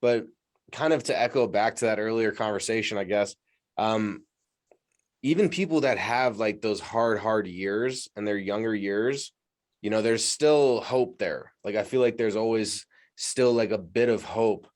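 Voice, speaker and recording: Podcast host, lowish voice, laughs easily, thoughtful tangents. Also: male voice, unhurried, darkish tone. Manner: laughs often and adds short reactions, reflective when he talks longer. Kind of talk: casual chat.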